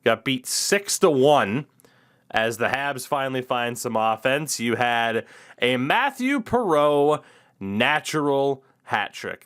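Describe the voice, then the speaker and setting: A man's voice: mid-range voice, a bit bright. A man hosting a casual podcast, talking in a wry, opinionated, rambling way with lots of fillers. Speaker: podcast host. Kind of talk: casual hockey podcast chat.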